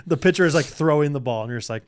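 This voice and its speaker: A man's voice: a little high, rapid-fire, clear, resonant tone. A young man co-hosting a podcast, chatting casually and leaning on "like" and "I mean". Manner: chatty, filler-heavy, lots of "like" and "I mean". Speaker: podcast co-host. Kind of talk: casual chat.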